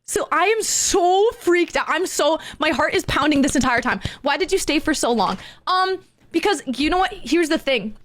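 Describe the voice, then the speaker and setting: High, lively woman streamer telling a story. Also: normal speed. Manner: excitable, animated retelling with gamer slang. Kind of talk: casual storytelling to chat.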